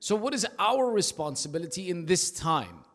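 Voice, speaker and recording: A male preacher giving an emphatic, rhythmic sermon at an Islamic center, telling stories and dropping into hushed asides. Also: high-pitched, sing-song, moderate pace. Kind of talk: sermon with storytelling. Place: large prayer hall of an Islamic center. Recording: long hall reverb.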